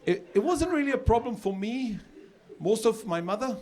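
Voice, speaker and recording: A middle-aged man from South Africa doing a stand-up comedy set on stage, chatty and loose, with sudden shouted punchlines. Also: sits high, lively intonation, moderate pace. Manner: conversational, with filler repeats and sudden shouted punchlines. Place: comedy stage with a live audience. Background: audience laughter.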